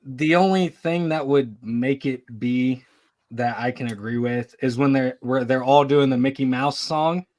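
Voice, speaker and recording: A blunt man arguing film rankings in a casual panel chat, swearing freely. His voice sits at an ordinary middle pitch. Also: a little slow, a little mellow.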